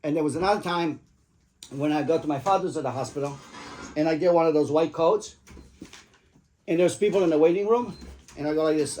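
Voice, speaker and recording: A man's voice: fairly high pitch, a little fast, pauses often, dark tone. A middle-aged father telling rambling, profane stories to his family at the dinner table. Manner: rambling, profane, jokey anecdotes. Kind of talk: casual storytelling at the dinner table.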